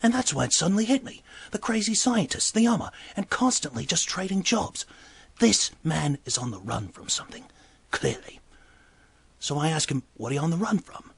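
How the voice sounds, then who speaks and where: A man voicing a chatty male bartender, telling a bar story in a breathy voice. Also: fairly high pitch, sing-song, normal speed, no echo, heavily acted. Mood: gossipy storytelling. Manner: exclaims loudly, then drops to hushed asides. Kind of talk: comedic character monologue.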